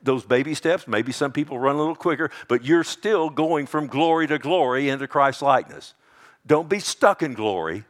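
Fervent male preacher, hushed to booming. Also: lively intonation. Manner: swings from hushed, drawn-out whispers to loud, emphatic declarations. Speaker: pastor. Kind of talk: sermon.

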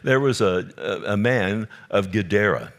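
Lower-voiced man preaching a sermon. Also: lively intonation, a little slow. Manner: emphatic, repeats words for effect, addresses listeners directly.

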